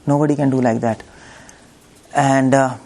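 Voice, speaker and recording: A man preaches a devotional discourse in a lecture hall. His voice has a gravelly edge at a middling pitch. He tells stories and acts out the lines of the people in them. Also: steady tone, moderate pace, a little mellow. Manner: storytelling, acts out voices in quotes, laughs between points.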